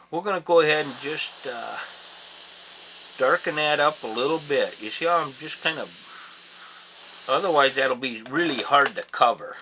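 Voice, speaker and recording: A man giving a casual step-by-step craft demonstration in his home workshop, plain-spoken and folksy with rambling asides. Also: medium pitch. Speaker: taxidermy instructor. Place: home workshop with air compressor. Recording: hissy workshop audio, compressor noise. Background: air compressor and spray hiss.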